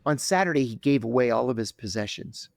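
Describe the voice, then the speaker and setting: A middle-aged man, a podcast guest, telling a story with lively acted-out quotes on a close mic. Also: medium pitch, brisk, creaky, no room sound.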